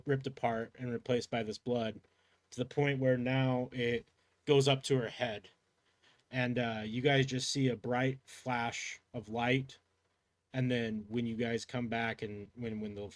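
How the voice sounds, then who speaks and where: A man running a tabletop role-playing game as game master, narrating in a loose, rambling way full of fillers. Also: medium pitch.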